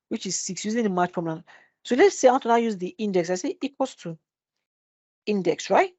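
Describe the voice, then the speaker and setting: A woman's voice: mid-range voice, a little mellow, no room sound. A woman leads a live spreadsheet class over a computer mic. She keeps asking the class rhetorical questions and answers them herself. The audio is dry and a bit muffled. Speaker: Excel instructor. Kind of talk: live screen-share tutorial. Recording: dull dry webinar audio.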